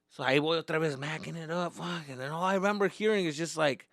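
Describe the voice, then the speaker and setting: Young dude on stage, bright voice, profane and animated, tosses in spanish slang. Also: male voice, fairly high pitch, fast talker, hardly any pauses, dry recording, clean studio sound. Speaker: stand-up comedian. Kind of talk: stand-up storytelling. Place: comedy stage.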